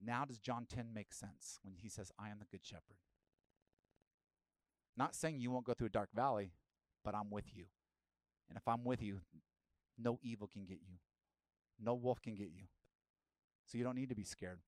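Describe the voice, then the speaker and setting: A man's voice: on the low side, normal speed, pauses often, a little mellow, no room sound. A man preaching a sermon as pastor, asking the listeners direct questions and rising into emphatic bursts.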